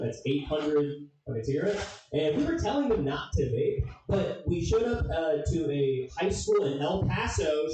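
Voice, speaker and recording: A young man doing a stand-up comedy set, telling a story with swearing and loud funny voices. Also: a little high, a little hiss or hum. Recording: echoey room, distant mic.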